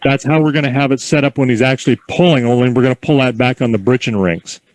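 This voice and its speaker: Calm folksy man coaching outdoors. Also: medium pitch, fast talker, no room sound, poor audio. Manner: calm, encouraging, folksy storytelling. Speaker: horse driving instructor. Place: outdoor horse corral.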